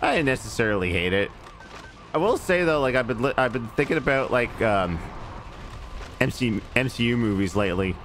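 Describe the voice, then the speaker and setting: A man's voice: lively intonation, brisk, a bit bright, soft background music. A man streaming a video game in casual chat, rambling off into profane asides about movies. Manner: rambling, profane movie digressions with swooping pitch. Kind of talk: casual let's-play chat.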